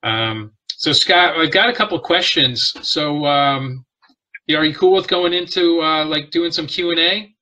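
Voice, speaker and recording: A man hosting an interview, asking his guest questions in a steady way. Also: fairly high pitch, measured pace, rough recording. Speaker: host.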